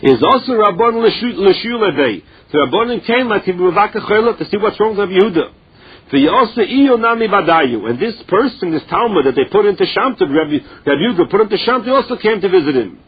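A man leads a Talmud lesson, chanting each source line slowly and then explaining it plainly. His voice sits high for a man and sounds husky. The recording is dull and lo-fi. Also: expressive. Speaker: Talmud teacher. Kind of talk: Talmud lesson, translating Aramaic into English.

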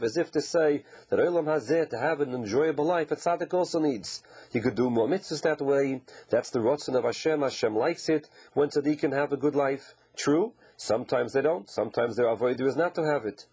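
A man's voice: mid-range voice, brisk, hardly any pauses, dark tone, husky, poor audio. A man giving an informal Torah lesson, posing questions and then answering them in a conversational, explaining way. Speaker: Torah teacher.

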